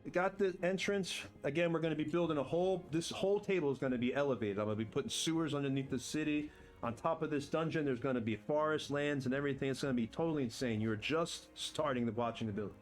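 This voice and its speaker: Building terrain in a game on a live stream, a man banters with himself and his audience, bragging in a joking way. He talks fast in a fairly high voice through a desk mic with headphones, and faint music plays in the background.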